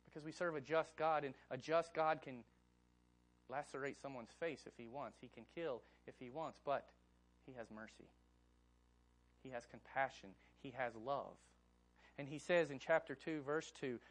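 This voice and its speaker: Pastor, male, slightly high voice; sermon delivery swinging between quiet and impassioned pleading. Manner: swings from hushed to loud, pleading.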